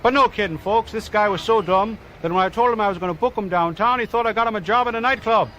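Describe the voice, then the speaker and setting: A man's voice: high voice, quick pace, fairly bright tone, highs cut off, a little hiss or hum, pitched above the performer's own voice. A man putting on a wisecracking male beat cop telling corny stand-up jokes. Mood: hammy. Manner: corny one-liner delivery.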